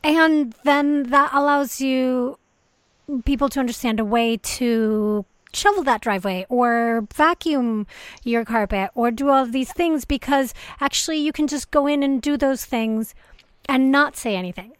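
A woman's voice: high-pitched, a little slow, clean tone, no echo. A woman hosting a podcast, asking questions thoughtfully and respectfully, sometimes hesitating. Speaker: podcast host. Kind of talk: podcast interview conversation.

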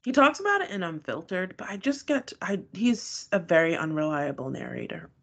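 A woman's voice: fairly low pitch, sing-song, moderate pace, a bit bright. A woman co-hosting a casual recap chat, indignant and exasperated, swearing freely. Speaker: podcast co-host.

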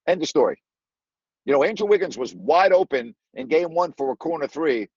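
A man's voice: on the high side, darkish tone, no room sound, dull audio. A man hosting a sports call-in radio show, making his points emphatically and repeating them.

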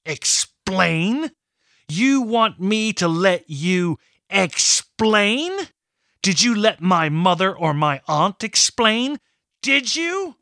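A fierce, loyal young heroine of a fantasy storybook, as a male narrator puts her on. Her voice rides high with a strained, unusual timbre. The reading is slow and dry. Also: no room sound. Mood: furious. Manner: furious demanding when wronged.

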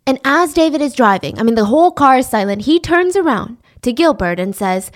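Woman, podcast host, casual true-crime storytelling, animated, fairly high voice. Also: fairly quick, hardly any pauses. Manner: animated, acts out the people in the story.

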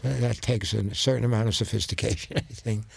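A man's voice: fairly low pitch, fairly even intonation, a little fast, vocal fry, slightly rough. An older man, a guest, sharing opinionated memories in casual chat. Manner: enthusiastic, opinionated raconteur.

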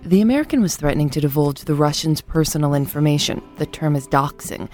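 A woman hosting an audio documentary, narrating in a measured scripted way and putting questions to her guest. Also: low voice, expressive, a little mellow, soft background music. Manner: measured, clear storytelling narration. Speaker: host and narrator.

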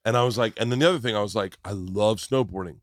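A man's voice: mid-range voice, racing, no room sound, clean studio sound. Teasing, profane male podcast host. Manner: profane, teasing, animated storytelling. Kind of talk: casual podcast chat. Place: tour bus.

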